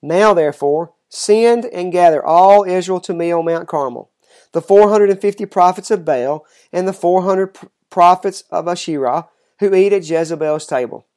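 Fierce, defiant prophet, declaiming and climbing to loud mocking cries, as a reader puts him on. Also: mid-range voice, moderate pace, natural voice. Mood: commanding. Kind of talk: scripture reading aloud.

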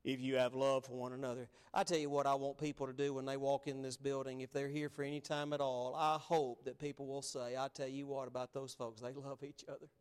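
A man preaching a sermon as pastor, emphatic, swinging between loud stresses and hushed asides. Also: medium pitch, flat delivery, brisk, few pauses, clean tone. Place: church sanctuary.

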